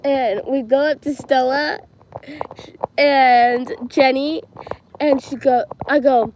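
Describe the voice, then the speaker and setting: A woman's voice: sits high, steady tone, slow, a little mellow, a little hiss or hum, rough recording. A teenage girl telling stories on a livestream in a casual, chatty way, giggling often and filling her talk with "like" and "um". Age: teens. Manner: chatty, giggly, many fillers like "like" and "um".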